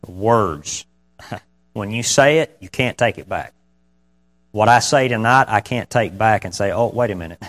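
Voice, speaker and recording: A man's voice: on the low side, animated, measured pace, pauses often, fairly bright tone. A man preaching a sermon, talking conversationally to his congregation, often asking them questions and reading scripture aloud. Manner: reads scripture in King James wording. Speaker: pastor.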